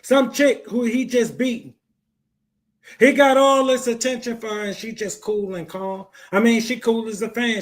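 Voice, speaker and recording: A man hosting a podcast, giving blunt, slangy commentary on a clip. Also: high voice. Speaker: podcast host.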